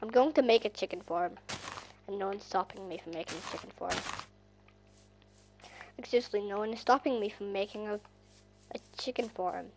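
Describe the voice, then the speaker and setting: A woman with an Irish accent giving rambling, chatty gameplay commentary that bursts into excited squeals. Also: medium pitch, normal speed, long pauses, soft background music. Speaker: gaming channel host.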